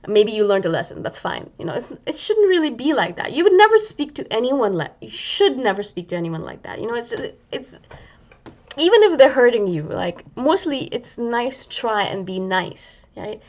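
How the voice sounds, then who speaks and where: A woman's voice: on the high side, very animated, moderate pace. A woman vlogger talking casually and reflectively to her viewers, often saying "you know" and acting out her own inner voice. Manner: conversational, many "you know" fillers, acts out inner dialogue. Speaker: spiritual vlogger.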